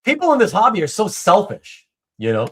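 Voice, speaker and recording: A man hosting a casual livestream chat, reading viewer comments aloud, with animated speech and stumbling restarts. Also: high voice, fairly quick, breathy edge. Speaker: host.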